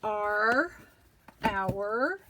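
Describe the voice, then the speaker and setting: A woman hosting a paper-craft tutorial, chatting to herself as she works, sometimes whispering, her voice going hoarse. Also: medium pitch, expressive, very noisy. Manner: slow, chatty, talks to herself while working, drops to whispers. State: losing her voice, clearing throat.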